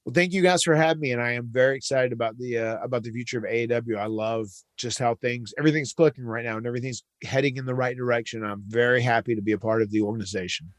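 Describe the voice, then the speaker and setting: A middle-aged man from the Carolinas, a podcast guest telling an anecdote in a casual, animated way, often repeating words as he gets going. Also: medium pitch, quick pace, few pauses, dry recording. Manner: animated storyteller, repeats words when excited.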